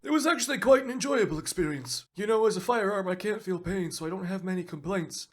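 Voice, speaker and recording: Man doing a higher, folksy old war-veteran gun, grandfatherly, comedy skit. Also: quick pace, heavy background noise, lightly acted.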